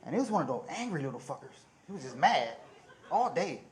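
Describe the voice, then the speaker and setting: A man doing profane, animated stand-up storytelling on a comedy stage, acting out the people in his story. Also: fairly high pitch, brisk, a little hiss or hum.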